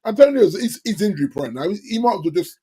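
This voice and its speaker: A man co-hosting a football podcast, jokey and agreeable, chiming in with quick yeahs. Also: high voice, big pitch swings, mellow. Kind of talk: casual football chat.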